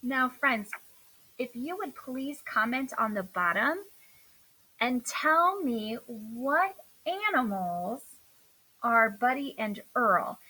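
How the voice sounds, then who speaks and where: A woman with a husky, fairly high voice reads a children's picture book aloud, slow and expressive in her storytelling. The recording is rough.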